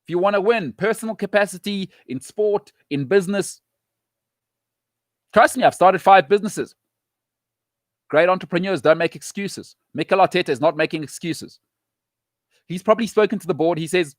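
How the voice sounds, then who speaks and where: A man's voice: sits high, no echo, studio quality. Punchy opinionated male show host. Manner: emphatic, punchy repetitions, fast opinions. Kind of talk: opinionated football talk show.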